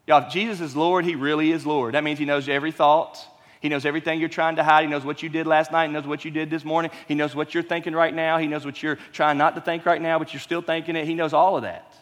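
A man's voice: fairly high pitch, flat delivery, fast, fairly bright tone, big-room sound. A man preaching a sermon as pastor, conversational and emphatic, with frequent rhetorical questions.

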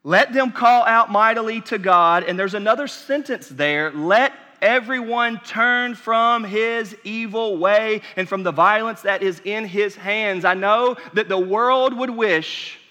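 High, bright-voiced preaching man. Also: slow, hardly any pauses. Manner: impassioned preaching, rising to near-shouts and dropping to whispers. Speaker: pastor. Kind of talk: sermon. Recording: reverberant hall.

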